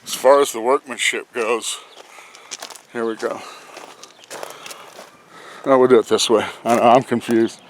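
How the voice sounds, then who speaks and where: A man's voice: medium pitch, steady tone, unhurried, pauses often, slight background noise. A man casually rambling through a vlog outdoors beside his truck, chuckling and talking to himself as he works. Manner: rambling, chuckling, talks to himself while working. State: out of breath from bending over. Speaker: vlogger reviewing a truck job.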